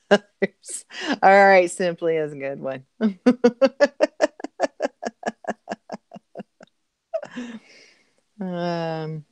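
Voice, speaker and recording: A woman's voice: lowish voice, slow pace, pauses often, clear, resonant tone, no room sound. A middle-aged woman co-hosting a casual live stream, reading viewer comments aloud, answering them and laughing often. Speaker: livestream co-host reading chat.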